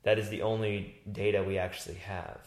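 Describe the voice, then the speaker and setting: A fairly low-voiced man chatting casually, rambling and animated as he works through ideas and relives his own reactions. His voice rings with noticeable room echo. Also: fairly quick. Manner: animated, rambling storyteller who acts out his own past thoughts. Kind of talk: casual chat. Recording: roomy echo.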